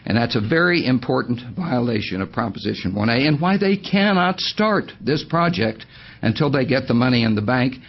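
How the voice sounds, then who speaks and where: A man's voice: medium pitch, animated, moderate pace, vocal fry, dull audio. A man giving public testimony at a county meeting, emphatic and repeating his key points for weight.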